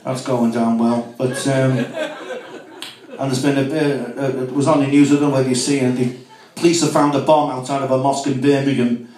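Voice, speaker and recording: Liverpool stand-up comic in an echoey club. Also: male voice, mid-range voice, flat delivery, darkish tone. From Merseyside. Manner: rapid joke delivery with many "you know" fillers. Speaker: stand-up comedian. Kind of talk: stand-up comedy set. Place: club room with live audience. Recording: echoey room, distant mic.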